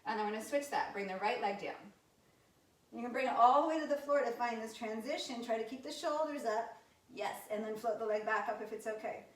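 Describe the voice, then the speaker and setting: A woman in her thirties, a yoga instructor, giving gentle movement and breathing cues in a live class with chatty, candid asides. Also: on the high side, a little fast. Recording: roomy sound from a distance from the mic.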